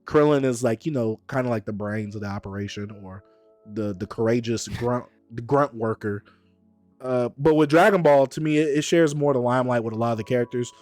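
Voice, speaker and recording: A man hosting a stream in casual chat, animated and teasing, quick to argue his point. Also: mid-range voice, no echo, soft background music. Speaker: streamer host.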